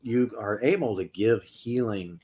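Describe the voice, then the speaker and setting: This is a man co-hosting a paranormal podcast, talking loosely and casually. He rambles and restarts his sentences as he goes. His voice sits fairly low. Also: a little slow, warm tone, breathy edge. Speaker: podcast co-host. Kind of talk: casual chat.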